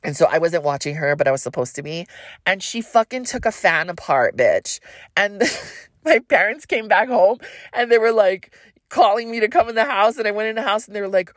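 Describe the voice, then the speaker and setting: A woman's voice: mid-range voice, animated, fairly quick, dry recording, studio quality. A young adult woman hosting a solo podcast, telling a story in a rambling, loose, profane way. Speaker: podcast host.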